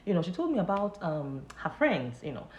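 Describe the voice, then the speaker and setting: A woman's voice: on the low side, very animated, a little fast, a little mellow, echoey room, dull audio, slight background noise. A woman hosting a casual live motivational talk, chatty and loose, full of fillers, often laughing at her own stories. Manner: chatty, loose and repetitive, heavy "you know" fillers; breaks into laughter while telling stories.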